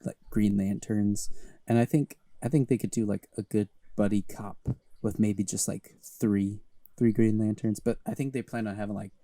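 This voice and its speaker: A man's voice: fairly low pitch, steady tone, moderate pace, warm tone, no echo. A young man co-hosting a podcast, chatting casually and rambling with lots of fillers and restarts. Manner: rambling, heavy use of fillers. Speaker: podcast co-host. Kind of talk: casual chat.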